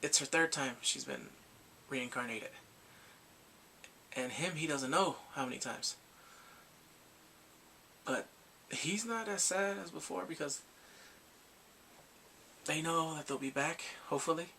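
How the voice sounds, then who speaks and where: Gravelly, bright-voiced man recapping excitedly. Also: fairly high pitch, a little slow, long pauses, slight background noise. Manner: animated, acts out characters' lines and his own reactions. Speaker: drama reviewer. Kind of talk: casual excited episode recap.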